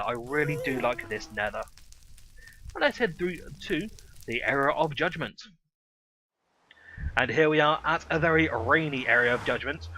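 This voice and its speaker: Bright, upbeat man reviewing a game. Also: fairly high pitch, slight background noise, poor audio. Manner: enthusiastic and playful. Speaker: host.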